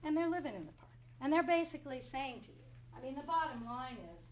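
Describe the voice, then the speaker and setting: A woman's voice: high voice, big pitch swings, fast, muffled recording. A middle-aged woman prosecutor giving a courtroom closing argument, sarcastic, firing rhetorical questions and mimicking others.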